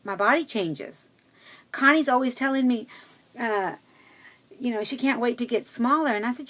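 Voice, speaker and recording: Her voice sits a little high and a bit bright, at a normal speed. A middle-aged vlogger, she chats with her viewers in a rambling, personal way, using many fillers and restarts.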